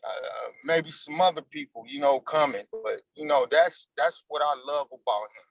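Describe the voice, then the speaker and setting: A man's voice: a little high, moderate pace, crowd noise, rough recording. A man in his forties, an actor being interviewed, talking in a loose, slangy and emphatic way. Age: 40s. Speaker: actor guest. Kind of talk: casual interview chat.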